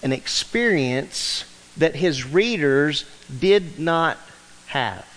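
A man's voice: on the high side, lively intonation, drawn-out words, a bit bright. A pastor in his fifties preaching a sermon with emphatic delivery and rhetorical questions to his congregation. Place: church sanctuary. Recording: long reverb of a large hall.

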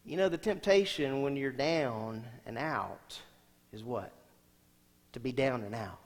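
A man preaching a sermon as senior pastor, asking the congregation questions and swinging between loud emphatic lines and quiet soft ones. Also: medium pitch, measured pace. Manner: asks the congregation rhetorical questions. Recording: long hall reverb.

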